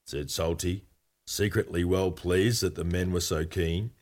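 A man's voice: low-pitched, steady tone, a little slow, darkish tone. A man reading a children's story aloud in a playful, whimsical way.

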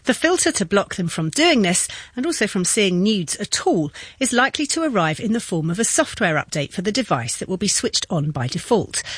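A woman reads a scripted news report with a lively, rising-and-falling delivery. Her voice is a touch breathy, and the sound is dry. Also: on the low side, dry recording. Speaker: technology editor, reporter.

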